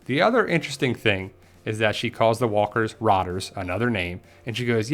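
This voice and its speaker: A man at a mid pitch chats through a casual episode recap and theory breakdown. He talks loosely and animatedly, and he drops into the characters' lines as he goes. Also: a little fast. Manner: chatty, animated, acts out quotes. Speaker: TV show commentator.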